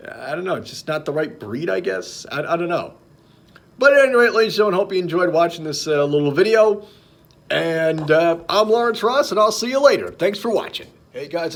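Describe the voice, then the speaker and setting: Animated man telling jokes on a vlog. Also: high-pitched. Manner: halting, many fillers and restarts, chuckles at own jokes. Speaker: vlogger.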